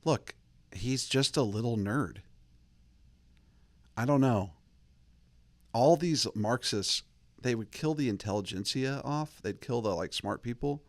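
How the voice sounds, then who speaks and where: A man hosting a podcast, talking in a rambling, joking way with quick asides and restarts. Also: medium pitch, lively intonation, dry recording. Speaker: podcast host. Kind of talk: casual podcast chat.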